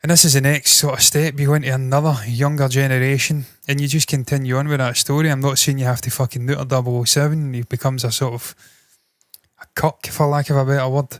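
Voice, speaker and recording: A man's voice: mid-range voice, little pitch movement, quick pace, no room sound, clean studio sound. A man hosting entertainment news, giving blunt, opinionated commentary with frequent swearing.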